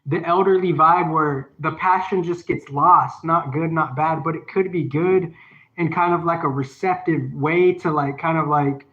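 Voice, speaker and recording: A man's voice: fairly high pitch, fairly even intonation, measured pace, sharp tone. A man reading advice aloud and breaking off into rambling, profane asides, sometimes repeating a phrase over and over like a chant. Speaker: solo video host. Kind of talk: reading a text aloud and riffing on it. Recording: dull lo-fi recording.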